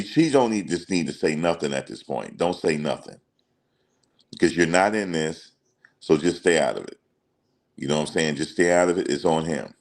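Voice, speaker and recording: A man's voice: extremely low pitch, vocal fry, a little mellow. A man hosting casual celebrity news commentary, emphatic and slangy, repeating his points. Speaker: commentary channel host.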